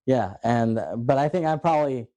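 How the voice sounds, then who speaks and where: A man's voice: medium pitch, animated, normal speed, warm tone, dry recording. A man co-hosting a film podcast, chatting casually and retelling scenes at length. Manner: rambling retelling of movie scenes. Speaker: podcast co-host.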